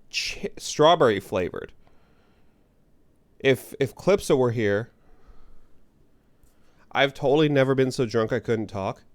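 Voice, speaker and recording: A man chatting casually with viewers while streaming a game, rambling and joking at his own expense. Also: medium pitch. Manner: rambling, self-deprecating, chats with viewers. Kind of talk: casual gaming stream chat.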